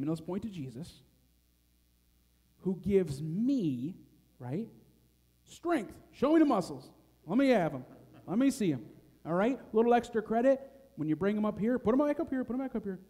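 Brief: high, mellow man teaching kids a verse with motions, long hall reverb. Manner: animated, coaxing, slows to a chant for the verse. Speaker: children's message leader. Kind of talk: children's church lesson. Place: church sanctuary.

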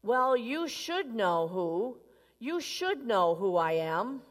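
Indignant, pushy male traveler, put on by a woman; slightly raised, loud, long reverb. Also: on the high side, sing-song, slow. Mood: demanding. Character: impatient entitled male traveler demanding a ticket.

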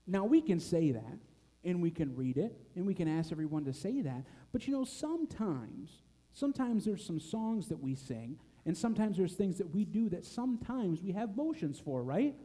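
Brief: high, mellow man teaching kids a verse with motions, long hall reverb. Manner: animated, coaxing, slows to a chant for the verse. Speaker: children's message leader. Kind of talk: children's church lesson. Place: church sanctuary.

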